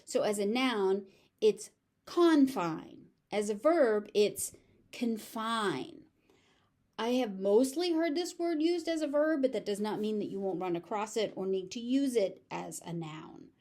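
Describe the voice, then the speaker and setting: A woman's voice: medium pitch, moderate pace, warm tone. A woman with a General American accent teaching English pronunciation, patiently repeating each word several times with careful stress. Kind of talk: pronunciation lesson, repeating words slowly.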